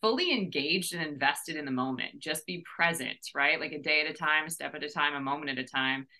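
A woman's voice: low-pitched, fairly quick, pushed and bright, low-quality recording. A woman hosting a faith podcast, talking casually and enthusiastically and asking rhetorical questions. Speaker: podcast host.

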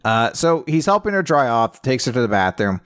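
A man co-hosting a podcast, casually recapping a manga chapter and quoting the characters in quick put-on voices. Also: medium pitch, sing-song, a bit bright, clean tone. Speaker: podcast co-host.

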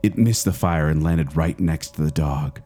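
A man's voice: rumbling low, normal speed. A middle-aged man co-hosting a podcast, telling a spooky story and chatting casually. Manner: dramatic hushed storytelling, then lively chat. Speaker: podcast co-host.

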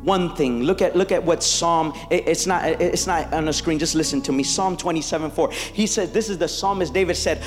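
A man preaching a sermon, animated and playful, acting out biblical voices for the congregation. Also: a little high, a little fast, few pauses, in a large hall, faint music behind.

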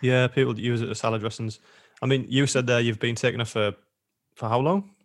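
A male podcast co-host with an ordinary, mid-pitched voice. He speaks in a relaxed, matter-of-fact way with a skeptical edge. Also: a little fast. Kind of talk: casual podcast chat.

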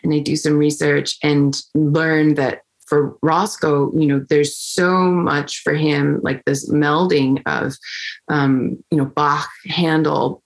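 A young woman who plays the flute, appearing as an interview guest, tells a story in a chatty way, with lots of fillers and restarts, and livens up whenever she quotes someone. Her voice is low and she speaks slowly.

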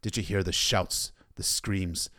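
A man voicing a stern young king who speaks in a measured, commanding way. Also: sits low, steady tone, pushed and bright, exaggerated voice.

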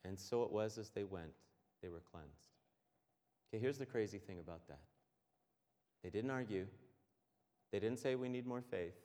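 Pastor guy preaching, lowish voice, gets quiet then loud, echoey church hall. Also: animated, moderate pace, long pauses. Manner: passionate, swings between quiet and loud. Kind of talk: sermon.

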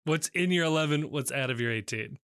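A man co-hosting a podcast in casual chat, quick to laugh and react. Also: fairly high pitch, fairly bright tone, clear, resonant tone, no echo, clean studio sound. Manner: laughs often, short reactions. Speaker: podcast co-host.

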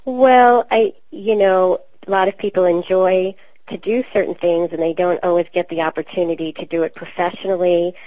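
A woman voice actor from Queens with a New York accent, telling stories in a chatty, relaxed interview. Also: fairly low pitch, normal speed, dry recording, low-quality recording. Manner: chatty, storytelling, relaxed with many fillers. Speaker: voice actor guest. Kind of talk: casual interview talk.

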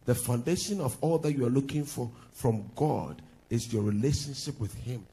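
A man's voice: mid-range voice, normal speed, dark tone, slightly rough. A man with a Ghanaian accent, a pastor preaching a sermon with sing-song lines and laughing asides, switching between English and Twi.

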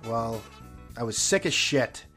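A man's voice: medium pitch, expressive, takes it slowly, a bit bright, faint music behind. A young man hosting his own podcast while sick and out of breath, ranting in a profane, sarcastic, rambling way. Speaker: podcast host. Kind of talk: solo podcast rant.

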